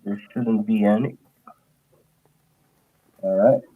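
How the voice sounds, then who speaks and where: A man hosting a podcast, chatting casually in a halting way with fillers. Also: lowish voice, fairly even intonation, husky, phone-quality sound. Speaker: podcast host. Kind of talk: casual chat.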